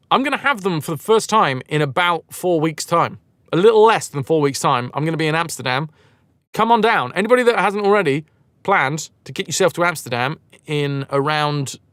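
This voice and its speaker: A man's voice: a little high, a bit bright, dry recording. A man live-streaming a game, chatting casually with viewers in a rambling, self-mocking way and swearing freely.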